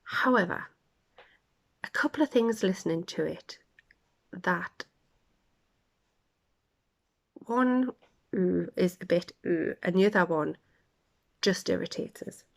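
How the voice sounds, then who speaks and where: A woman's voice: on the low side, slow pace, vocal fry, long pauses. Chatty woman, laughing asides. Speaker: podcast host. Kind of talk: casual chat.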